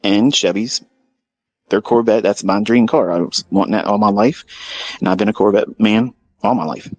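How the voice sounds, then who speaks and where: A man's voice: on the low side, moderate pace, no echo, lo-fi sound. Blunt, profane man telling a story. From Maryland, USA. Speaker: trading educator. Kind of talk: casual storytelling monologue.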